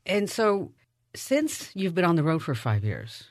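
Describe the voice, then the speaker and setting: A woman hosting a podcast, telling a story in a casual, animated, self-mocking way and interviewing her guests. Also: lowish voice, unhurried, no room sound, clean studio sound. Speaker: podcast host.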